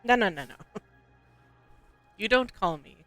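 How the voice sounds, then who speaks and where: A man's voice: sits high, expressive, measured pace, a bit bright, soft background music. A man in casual chat while streaming a co-op game, laughing often, swearing freely and mimicking phone voices. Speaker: co-op gaming streamer.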